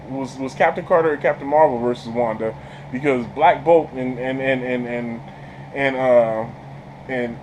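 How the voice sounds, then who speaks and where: A man giving a casual movie review, an excitable storyteller who stumbles over repeated words, laughs often and talks in slang. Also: mid-range voice, slight background noise, rough recording. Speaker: channel host reviewing a film.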